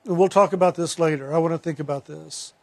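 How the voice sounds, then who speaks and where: A man's voice: fairly high pitch, fast talker, vocal fry, a little mellow, no room sound. A man voicing his former boss, a demanding business owner who is proud and frustrated, speaking in blunt, exasperated questions.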